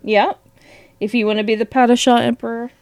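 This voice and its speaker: A woman's voice: on the high side, flat delivery, brisk, a little mellow, clear, resonant tone, no echo, clean studio sound. A woman co-hosting a podcast, chatting casually, often laughing and swearing with sarcasm. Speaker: podcast co-host. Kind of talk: casual chat.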